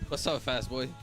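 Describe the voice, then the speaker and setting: A young man livestreaming, chatting loosely with his chat, reading out names and laughing loudly. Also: medium pitch. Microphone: headset mic.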